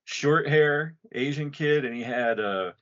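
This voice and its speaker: A man's voice: mid-range voice, slow pace, fairly bright tone, dull audio. A man co-hosting a podcast, grieving a friend, telling rambling, profane stories in casual chat. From Utah. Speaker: podcast co-host.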